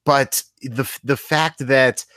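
Guy on a podcast, stumbles and restarts a lot, swears, mid pitch, dry close sound. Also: steady tone, takes it slowly, pushed and bright, dry recording. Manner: hesitant restarts, heavy swearing, indignant. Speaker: podcast co-host. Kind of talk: casual podcast chat.

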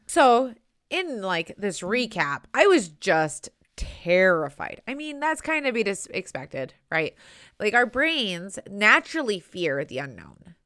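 A woman's voice: mid-range voice, sing-song, takes it slowly, a bit bright, no room sound. Young woman host, earnest chatty monologue, close and dry recording. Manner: earnest and chatty, with many likes and rights. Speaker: podcast host. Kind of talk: personal podcast monologue.

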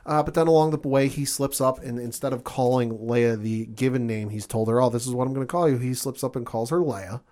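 A man co-hosting a casual podcast chat, retelling a TV episode with lively acted-out lines. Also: mid-range voice. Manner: animated, acts out characters' lines in quick voices. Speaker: podcast co-host.

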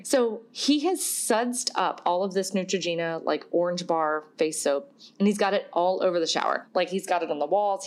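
A woman in her thirties hosting a podcast, telling a story in a chatty, self-deprecating way and laughing often. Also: lowish voice. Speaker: podcast host. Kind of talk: casual storytelling.

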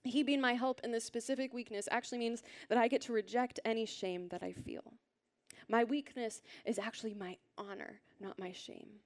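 A woman preaching a sermon in a church, earnest and gentle, often sinking into a soft near-whisper. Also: fairly high pitch, fairly even intonation, normal speed. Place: church hall with a congregation.

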